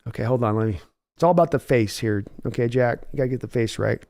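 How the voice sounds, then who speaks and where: A man's voice: medium pitch, fast, gravelly, no room sound, studio quality. A man hosting a live sports reaction stream, chatting casually and reading viewer messages aloud. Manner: chatty, excitable, reads chat aloud.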